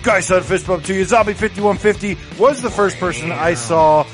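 High-voiced playful male co-host. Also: moderate pace, over music. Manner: playful, laughs often, banters. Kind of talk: reading chat comments aloud.

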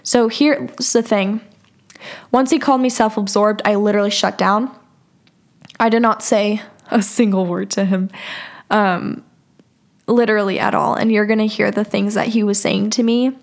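A woman's voice: mid-range voice, steady tone, normal speed, gravelly. A young woman hosting a podcast, candidly recounting a bad relationship and reading out old text messages in a frank, profane, exasperated way. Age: young adult. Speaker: podcast host. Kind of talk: personal storytelling, reading out old texts.

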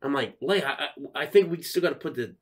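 A man in his thirties, a podcast co-host, telling an animated, swear-filled story in casual chat and acting out the quotes. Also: on the high side, fast talker.

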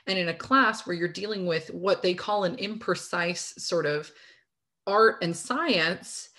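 A woman's voice: lowish voice, a bit bright. A woman co-hosting a podcast, chatting casually about a book and retelling its scenes. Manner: retells scenes, acting out quotes. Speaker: podcast co-host.

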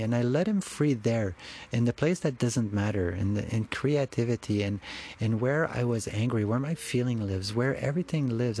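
A man's voice: mid-range voice, moderate pace, slight background noise. A man giving an earnest, rambling personal spiritual monologue, often restarting his sentences.

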